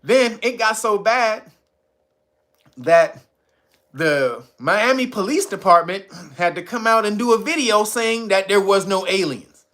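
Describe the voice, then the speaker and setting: Animated, bright-voiced man telling a story. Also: high voice, measured pace. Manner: animated, swearing, retelling stories with acted quotes. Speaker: commentator. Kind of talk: casual storytelling commentary.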